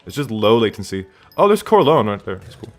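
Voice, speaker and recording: A man's voice: lowish voice, big pitch swings, a little fast, soft background music. A man streaming a game live from his room at home, rambling casually and answering chat questions aloud.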